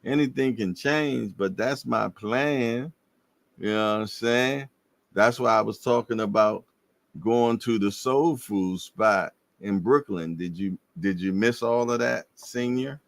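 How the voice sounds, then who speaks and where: A man hosting a casual boxing livestream, slangy and animated, laughing and repeating himself as he reads viewer comments. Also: lowish voice, takes it slowly, gravelly, no echo. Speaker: livestream host.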